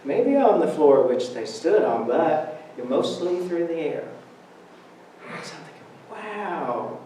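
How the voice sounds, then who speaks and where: A man's voice: fairly high pitch, animated, unhurried, dark tone, slight background noise. A man giving a Sunday talk at church, telling stories conversationally with humor. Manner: conversational, humorous storytelling with laughs. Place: church sanctuary. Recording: roomy church hall, speaker far from mic.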